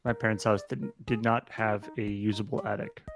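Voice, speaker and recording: A man's voice: on the low side, fairly even intonation, moderate pace, vocal fry, soft background music. A man co-hosting a casual stream, musing aloud in a hesitant way with frequent uhs. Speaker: stream co-host. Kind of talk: casual chat.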